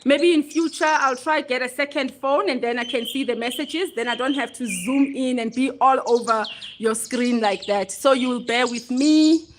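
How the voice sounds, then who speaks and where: A woman's voice: high voice, moderate pace, noisy background. A woman in her forties, a bit out of breath, hosting a casual livestream chat into her phone and greeting viewers by name. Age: 40s. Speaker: livestream host. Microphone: phone held close.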